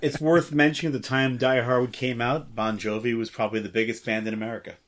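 A man co-hosting a podcast chat, thinking aloud in halting, wondering phrases. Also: mid-range voice, steady tone, background noise. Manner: musing, halting, thoughtful. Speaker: podcast co-host. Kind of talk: casual chat.

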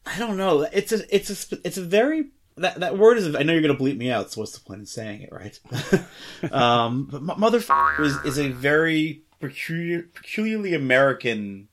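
A man co-hosting a podcast chat, thinking aloud in halting, wondering phrases. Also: on the high side, lively intonation, fairly bright tone. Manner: musing, halting, thoughtful. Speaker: podcast co-host. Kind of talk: casual chat.

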